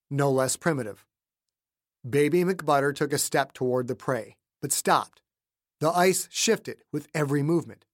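A man narrating his own thriller audiobook in a dramatic scripted style, shifting between hushed lines and shouted dialogue, recorded on a close studio mic. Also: a little high, no room sound. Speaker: author and narrator.

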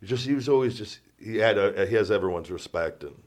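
A man's voice: fairly low pitch, animated, fairly quick. A man hosting a podcast in casual chat, sarcastic and self-deprecating, rambling with many restarts. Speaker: podcast host.

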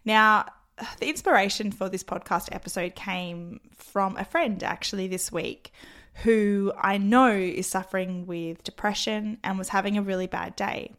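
A woman hosts her own podcast in a loose, chatty solo talk. Her voice is croaky and a little rough from losing it recently. She speaks openly, with casual fillers. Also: medium pitch, steady tone, a little slow, a bit bright. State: hoarse after losing her voice. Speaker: podcast host.

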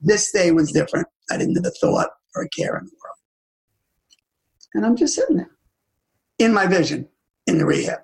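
An older man with a gravelly, slightly high voice tells a deeply personal story as a talk guest. He talks intimately and often sinks into a hushed, near-tearful half-whisper. The pace is unhurried and confessional. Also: expressive, low-quality recording. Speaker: podcast guest, music agent. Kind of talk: emotional storytelling.

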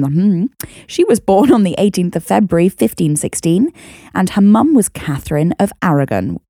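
A woman's voice: fairly low pitch, no room sound, studio quality. British woman chatting through history. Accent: British English. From Britain. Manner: chatty, laughing, lively asides. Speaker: podcast co-host. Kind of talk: casual history storytelling.

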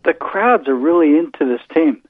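An older man, calling in to a casual sports chat and talking in a measured, thoughtful way with hesitant restarts. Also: on the high side, lively intonation, dry recording. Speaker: caller, the host's father. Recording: tinny phone line.

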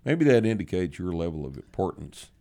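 A man's voice: deep voice, very animated, brisk, creaky, warm tone. A man hosting a podcast, answering listener questions in blunt, profane, joking chat. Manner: blunt, profane, drawling, laughs often. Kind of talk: casual chat.

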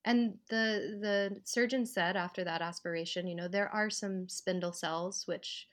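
A woman's voice: medium pitch, measured pace. A woman, an actor and writer, telling a personal story at home in an interview, acting out the voices of people she quotes. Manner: reflective, acts out quoted voices with lively rises. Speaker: podcast guest, actor and writer. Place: at home, living room.

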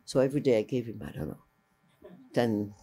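Older woman with a warm voice. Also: rumbling low, fairly quick, a little hiss or hum. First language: French. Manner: rambling, lively, restarts mid-phrase and acts out other people's speech. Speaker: interviewee, filmmaker. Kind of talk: storytelling reminiscence.

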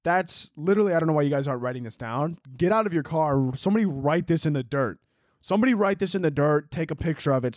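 A man's voice: medium pitch, darkish tone, no room sound. Young man, solo podcast host, rambling crude jokes, dry close sound. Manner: rambling, crude, jokey, lots of "like" and "dude".

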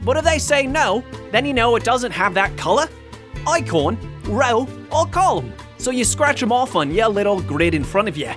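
A man putting on a comic Australian accent to pitch a board game as an over-the-top Australian salesman who keeps asking "yeah?". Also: sing-song, a bit bright, faint music behind, exaggerated voice. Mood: jokey pitch. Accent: put-on Australian. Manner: sing-song, drawn-out, keeps adding "yeah?".

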